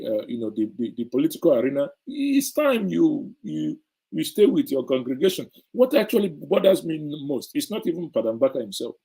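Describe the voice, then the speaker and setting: A middle-aged man delivers heated political commentary in an indignant, sarcastic tone. His voice is dark and husky, and he drives points home by repeating them. The delivery is that of a show host speaking his mind. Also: fairly high pitch, poor audio.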